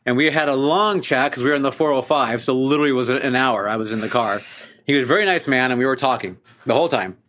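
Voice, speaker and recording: Guy cohosting a podcast, tells stories, laughs a lot, average pitch. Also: fast talker, fairly bright tone. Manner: chatty storyteller, laughs often. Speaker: podcast co-host. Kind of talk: casual chat.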